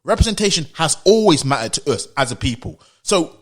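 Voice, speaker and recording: A man's voice: a little high, sing-song, brisk. A British man giving an opinion commentary monologue, insistent and emphatic, driving his points home with rhetorical questions and repetition. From United Kingdom. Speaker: opinion vlogger.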